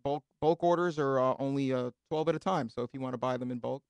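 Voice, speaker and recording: A man's voice: mid-range voice, quick pace, darkish tone, clean tone, dry recording. A man appearing as a studio guest, eagerly explaining his product and tripping over his words. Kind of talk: product pitch in a talk show.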